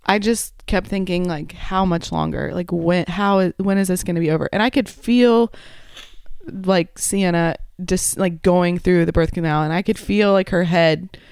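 A woman's voice: on the low side, fairly even intonation, normal speed, a little mellow, smooth, no echo, clean studio sound. A woman recalling the birth of her baby in a casual chat, matter-of-fact and correcting her partner. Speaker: new mother recalling her labour.

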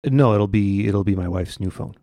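Podcast co-host, man, low and gravelly, relaxed chatty delivery. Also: normal speed, no echo. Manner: chatty, frequent ums and restarts. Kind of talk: casual tech chat.

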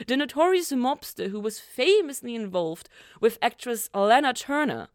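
A woman co-hosting a fan podcast, recapping scenes in a steady, matter-of-fact way. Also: on the high side, moderate pace, no room sound, studio quality. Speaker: podcast co-host.

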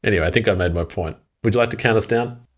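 A man co-hosting a podcast, talking in a wry, deliberate, casual way. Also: fairly low pitch. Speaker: podcast co-host. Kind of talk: casual chat.

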